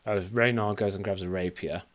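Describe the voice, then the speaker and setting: Low-voiced hesitant male game master. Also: steady tone, fairly quick, noisy background. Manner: hesitant, many "kind of, like" fillers. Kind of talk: narrating a tabletop game.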